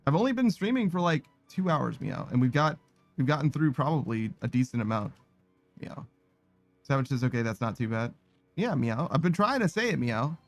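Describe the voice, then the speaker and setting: With lively intonation and a moderate pace, a medium-pitched man reads out his stream's viewer messages, laid-back and tired. Almost every sentence ends in "meow," and he laughs and swears often. The recording is dry, with faint music behind.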